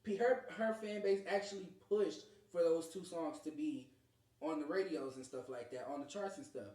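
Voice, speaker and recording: A podcast host chatting casually, making emphatic, animated points. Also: medium pitch, normal speed. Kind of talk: casual chat. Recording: roomy echo.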